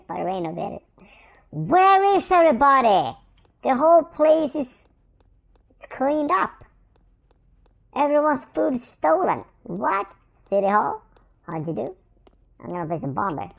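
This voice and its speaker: A high, lively woman's voice bounces through excitable video game commentary, jumping up and down in pitch. She talks straight to the characters on screen, teasing and taunting them. Her tone has a gravelly edge. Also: normal speed, long pauses. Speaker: gameplay commentator. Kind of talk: excitable let's-play commentary.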